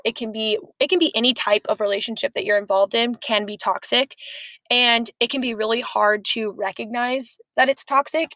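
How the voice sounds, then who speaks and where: A young woman co-hosting a podcast, telling stories in a chatty, animated way. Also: fairly high pitch, no echo. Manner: chatty, storytelling, animated asides. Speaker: podcast co-host. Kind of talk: casual chat.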